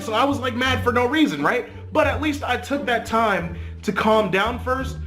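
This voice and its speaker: A high-voiced man telling a casual story to the camera. His talk rambles and swears, full of filler and checking tags, with faint music under it. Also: expressive, moderate pace, few pauses, a bit bright. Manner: profane, rambling, many "like" and "right?" tags. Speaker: vlogger.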